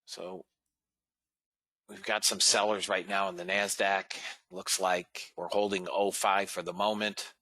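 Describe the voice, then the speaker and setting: A man with a low voice and a bright, forceful edge, hosting a live trading room. He talks casually to the viewers as guys and fellas and reads out trade figures. The sound is dry and close. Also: little pitch movement, a little slow, no echo.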